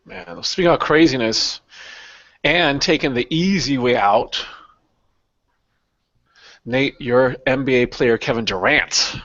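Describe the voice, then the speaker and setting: A man's voice: mid-range voice, slow pace, long pauses, fairly bright tone, no room sound, highs cut off. A man hosting a casual talk show, sarcastic and given to long run-on thoughts. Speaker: podcast host. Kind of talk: casual chat.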